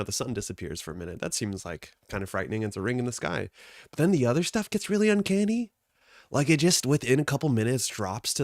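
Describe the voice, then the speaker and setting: A man's voice: medium pitch, no echo, clean studio sound. Chatty stuffy-nosed man streaming. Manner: chatty, rambling, greets viewers by name. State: stuffed up from allergies. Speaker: streamer hosting a card game stream. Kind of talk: casual live-stream chat.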